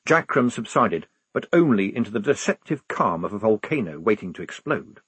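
A man narrating an audiobook with an expressive, varied delivery. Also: fairly low pitch, normal speed, husky, no echo. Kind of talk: scripted narration.

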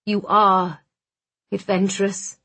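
A woman voicing an ardent, careless young man with a low, husky murmur, within a read-aloud romance. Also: little pitch movement, slow, sharp tone, full character voice.

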